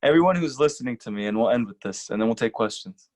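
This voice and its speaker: A rabbi giving an earnest, emphatic lecture and repeating short lines for stress. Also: male voice, medium pitch, lively intonation, quick pace, a little mellow. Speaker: rabbi teaching a class. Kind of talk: earnest sermon-style lecture.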